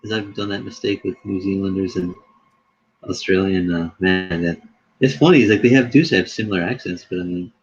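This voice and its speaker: A man's voice: low-pitched, steady tone, fairly quick, highs cut off, faint music behind. A man chatting casually, laughing and telling loose stories about travel and accents. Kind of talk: casual chat.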